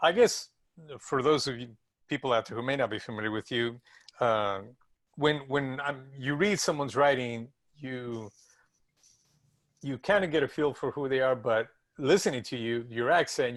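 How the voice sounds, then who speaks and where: A man's voice: mid-range voice, moderate pace, fairly bright tone, dry recording. Southern us guy interviewing, trips over his words a bit, dry close sound. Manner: hesitant, repeats words while asking. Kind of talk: casual interview.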